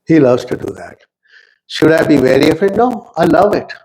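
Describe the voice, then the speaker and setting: Animated middle-aged man. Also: on the high side, moderate pace. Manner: lively, mixes Urdu phrases into English. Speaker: speaker at a community talk. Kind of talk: animated storytelling talk.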